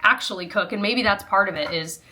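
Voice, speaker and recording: A woman's voice: medium pitch, brisk, sharp tone. A woman in her thirties chatting casually to her viewers while doing chores, rambling and self-deprecating. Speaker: lifestyle vlogger.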